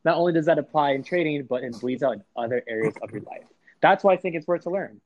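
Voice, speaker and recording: A man's voice: a little high, fast, muffled recording. A man as a podcast guest, talking in a reflective, motivational, casual way.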